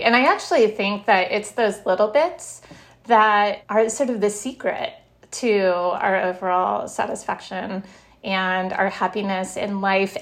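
A middle-aged woman who writes about happiness, talking as an interview guest. She is animated, tells stories with bits of laughter, and says "like" a lot. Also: on the high side. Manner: animated, laughs while telling stories, lots of "like". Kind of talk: conversational interview.

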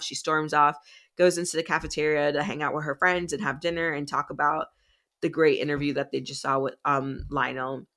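A young woman co-hosting a podcast, chatty and animated as she recaps a book, swearing freely. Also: sits low, moderate pace. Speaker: podcast co-host. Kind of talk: casual book discussion.

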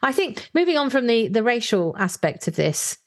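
A woman's voice: on the high side, very animated, moderate pace. A woman in casual discussion, thinking aloud with frequent fillers and reading short book passages aloud. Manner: thoughtful, hesitant, many fillers, reads book passages aloud.

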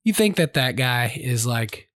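Man, casual co-host. Mocking banter, lively pitch, dry recording. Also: measured pace, no room sound. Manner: jokey, mocking, puts on silly voices. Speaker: podcast co-host.

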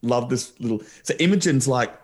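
An Australian man in his co-host's seat, talking in a relaxed and teasing way. His voice sits at an everyday middle pitch. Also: a little fast. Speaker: podcast co-host. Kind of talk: casual chat.

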